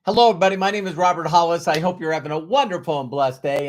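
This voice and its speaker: A man's voice: fairly high pitch, very fast, few pauses. A man from North Dakota hosting a live stream as a motivational speaker, greeting viewers by name and repeating his key lines in an earnest, emotional way. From North Dakota, USA. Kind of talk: casual live-stream talk.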